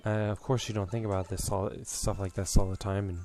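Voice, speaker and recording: A man's voice: fairly low pitch, level tone, fairly quick, darkish tone, soft background music. A young man hosting a let's play, rambling and reminiscing through his commentary with lots of fillers, a bit out of breath.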